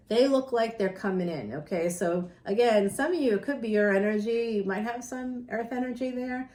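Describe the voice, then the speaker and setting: A chatty tarot reader with a somewhat high, mellow voice rambles through a casual reading, laughing often and speaking directly to her viewers. She's in an echoey room.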